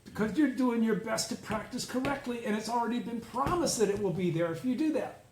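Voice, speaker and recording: Man, high voice, leads a casual study group, blunt and teaching, echoey room. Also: a little fast, darkish tone, a little hiss or hum. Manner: explains a text, checks in with listeners. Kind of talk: informal religious study talk. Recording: roomy echo.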